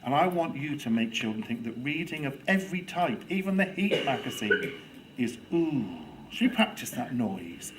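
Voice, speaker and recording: A man giving a lively, theatrical talk to a student audience on children's reading, playing for laughs. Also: medium pitch, normal speed, very noisy. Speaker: guest speaker on children's reading. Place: lecture room with audience.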